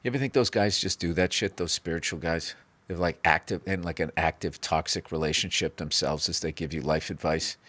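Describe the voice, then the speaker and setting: A man's voice: low voice, steady tone, a little fast, bright, forceful tone, no room sound. A man hosting a podcast, ranting sarcastically with lots of swearing. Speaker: podcast host. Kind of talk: comedic rant.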